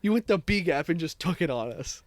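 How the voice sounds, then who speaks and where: A man's voice: on the high side, lively intonation, fairly quick, no echo, clean studio sound. A young man with a New England accent, hosting a podcast and telling a long story in casual, rambling speech full of "like" and swearing. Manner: rambling, heavy swearing, lots of "like". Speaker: podcast host.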